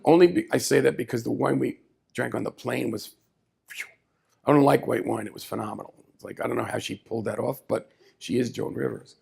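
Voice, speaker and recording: A man telling a story live on a small café stage, animated and chatty, with asides to the audience. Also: mid-range voice, a little fast, creaky, husky.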